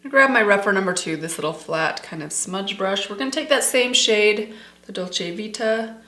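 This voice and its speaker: With lively intonation and a bright, forceful tone, the middle-aged beauty vlogger talks a little fast at a medium pitch. She chats enthusiastically through her makeup tutorial, speaking straight to "you guys." The room is echoey.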